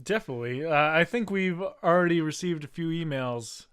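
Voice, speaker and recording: A man co-hosting a podcast and improvising a comic story. His voice is bright and slightly high. He stumbles and restarts often. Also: expressive, normal speed, clean tone. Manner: hesitant, many restarts, giggly. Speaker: podcast co-host.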